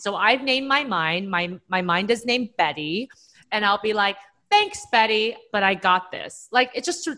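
A woman from Taiwan, a psychologist guest answering interview questions in a calm, explanatory and reflective way. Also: medium pitch.

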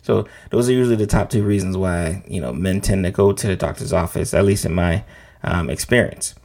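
This middle-aged man has a deep, slightly mellow voice with vocal fry and talks a little fast. As a physician hosting a show, he gives a casual educational explanation of checkups in a conversational manner, often tagging lines with "right?".

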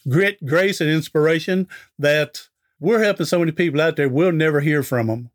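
An author and speaker, middle-aged, guests on an interview podcast and chattily relates a folksy anecdote, voicing the dialogue as he goes. His pitch is fairly high and his pace moderate.

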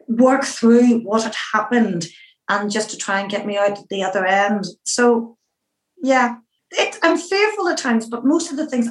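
A middle-aged Northern Irish woman tells stories in an interview in a lively, chatty way, with lots of "kind of" and "you know" fillers. Her voice sits in a medium pitch for a woman. It echoes around a roomy space. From Northern Ireland. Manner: lively storyteller who acts out her own past remarks, with many fillers. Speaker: interview guest. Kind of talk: anecdotal interview storytelling.

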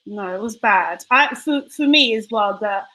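A woman's voice: mid-range voice, lively intonation, moderate pace, bright, forceful tone, low-quality recording. A woman in a casual group chat, blunt and swearing freely. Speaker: podcast co-host.

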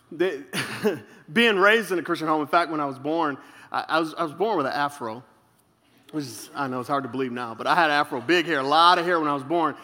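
A man preaching as pastor, telling humorous stories in an animated way. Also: a little high. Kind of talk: sermon. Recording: reverberant hall.

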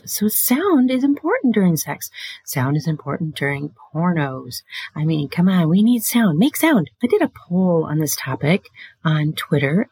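This is a sex and relationship advice host talking off the cuff, a woman who swears a lot, laughs often and sometimes drops to a breathy whisper. She sits low in pitch with a darkish tone, and the recording is dry.

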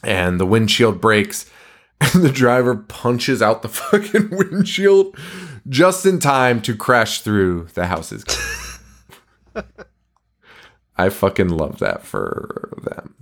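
Man, podcast host, casual movie recap, lively swooping pitch, laughs and swears a lot. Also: slow, vocal fry, long pauses. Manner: animated, swearing, laughing while retelling scenes.

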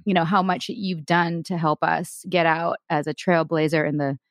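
A woman's voice: low-pitched, little pitch movement, normal speed, no room sound, clean studio sound. A woman hosting a podcast, talking in a chatty, eager storytelling way full of fillers. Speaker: podcast host. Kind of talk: casual interview chat.

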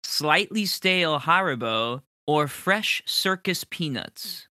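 Bright, playful man hosting a tabletop game. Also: a little high, animated, slow pace, no room sound, studio quality. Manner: laughing often, playful. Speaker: game master. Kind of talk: hosting a rapid-fire question round.

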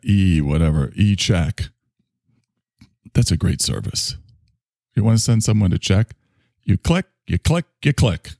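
A man voicing a rambling, low-voiced figure who calls himself messy and imperfect, philosophizing with halting restarts in an improvised comedy bit. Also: vocal fry, warm tone, dry recording, studio quality.

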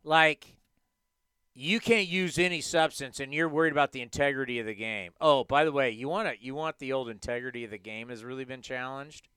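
A man's voice: mid-range voice, fairly quick, bright, forceful tone, smooth, dry recording. A man hosting a sports talk show, ranting emphatically with rhetorical questions.

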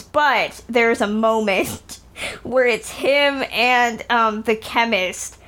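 A woman's voice: a little high, takes it slowly, a bit bright. A woman co-hosting a film podcast, chatting in an enthusiastic, casual way. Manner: chatty, enthusiastic, some fillers. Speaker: podcast co-host. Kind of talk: casual film review chat.

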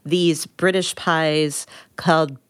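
A woman's voice: low voice, fairly even intonation, slow, clean tone, no echo. A woman hosting a podcast in casual chat about food, chatty and laughing often. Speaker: podcast host.

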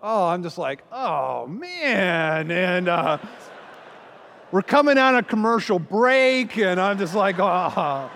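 A man's voice: high voice, big pitch swings, takes it slowly, gravelly, a bit bright, big-room sound, slight background noise. A man speaking as a pastor, telling a story with self-deprecating humor and many fillers. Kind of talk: humorous teaching talk.

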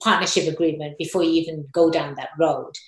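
Low-voiced woman host, roomy sound. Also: fairly even intonation, quick pace. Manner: upbeat, encouraging. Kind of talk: interview hosting. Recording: roomy echo.

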